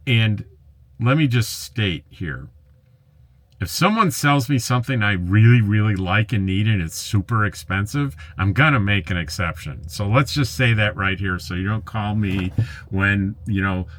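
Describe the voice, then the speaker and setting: A man with a somewhat low voice chats casually to camera, reading out viewer comments. He rambles, breaks off mid-thought and chuckles at his own asides. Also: a bit bright. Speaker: RV travel vlogger. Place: RV camp in the desert.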